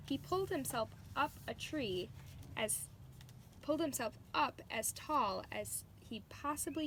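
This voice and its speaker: A woman reading a storybook aloud to children, pausing to explain words. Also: a little high, background noise. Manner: slow, explaining words to young listeners. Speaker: storybook reader.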